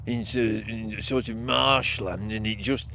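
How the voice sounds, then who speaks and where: An actor playing a nervous man exploring dark woods in a folk horror audio drama, speaking in a hushed, wry way. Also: medium pitch, a little slow, creaky. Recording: noisy outdoor woodland recording.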